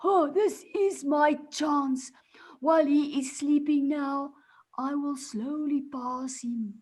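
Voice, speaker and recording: A woman playing a slow determined tortoise. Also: high-pitched. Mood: curious, sly. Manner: slow and hushed, quietly determined.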